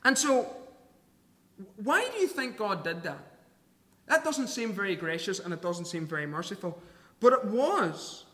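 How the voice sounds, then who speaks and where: A man's voice: high-pitched, big pitch swings, measured pace, pauses often, bright, forceful tone, long reverb tail. A man preaching a sermon, earnest and emphatic, reading scripture aloud and explaining it.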